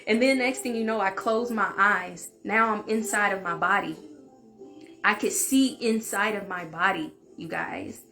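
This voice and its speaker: Woman vlogger doing story time, chatty, says like a lot, mid pitch voice. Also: unhurried, pushed and bright, faint music behind. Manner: chatty, open, fills speech with "like".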